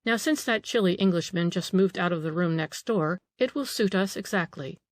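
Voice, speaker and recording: A woman reading the part of a charming, playful young gentleman who coaxes and teases. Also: fairly low pitch, moderate pace, dry recording, close to an everyday voice. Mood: coaxing. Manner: coaxing, playful, demure. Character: charming, teasing young gentleman invalid, man.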